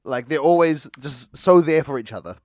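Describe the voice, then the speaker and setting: A man's voice: fairly high pitch, lively intonation, normal speed, darkish tone, no room sound, studio quality. A man co-hosting a casual movie podcast, joking and laughing often. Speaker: podcast co-host.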